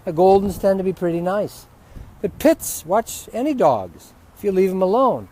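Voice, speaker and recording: A man giving an unscripted spiritual teaching talk outdoors, ranting with heavy profanity and sudden loud outbursts. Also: sits high, sing-song, normal speed. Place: outdoors near dogs.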